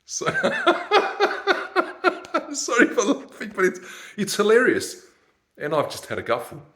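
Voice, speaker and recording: A man's voice: high voice, very animated, moderate pace, pushed and bright. A man, ranting in a rambling, sardonic monologue and laughing at his own jokes. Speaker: vlogger.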